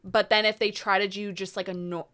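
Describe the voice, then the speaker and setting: A woman's voice: mid-range voice, level tone, a little fast, fairly bright tone. A woman from the American Midwest, co-hosting a podcast in casual, rambling conversation. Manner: conversational, trails off mid-thought. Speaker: podcast co-host. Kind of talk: casual chat.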